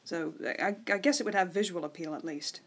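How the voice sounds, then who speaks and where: A woman co-hosting a podcast, talking about a film in a relaxed, wry, offhand way. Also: on the low side, fairly quick, slightly rough. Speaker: podcast co-host. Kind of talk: casual film discussion.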